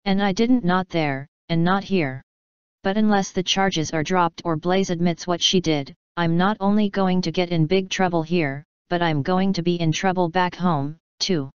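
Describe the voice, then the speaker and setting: An earnest teenage girl, defiant yet pleading, as a woman reads her. The voice is low-set and very smooth. The recording is dry and slightly dull. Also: no room sound, natural voice.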